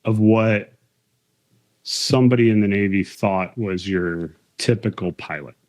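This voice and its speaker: A man's voice: lowish voice, unhurried, a little mellow. A man, a military aviator and author, telling candid stories from his career in a casual interview. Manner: candid, conversational, retells quotes with emphasis.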